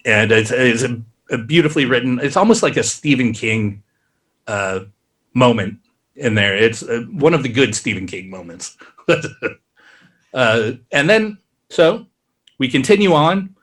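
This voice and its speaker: Male podcast co-host, casual and rambling, tosses in quick character voices. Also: medium pitch, lively intonation, a bit bright. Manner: rambling, acts out characters' lines in quick asides. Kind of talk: casual plot recap.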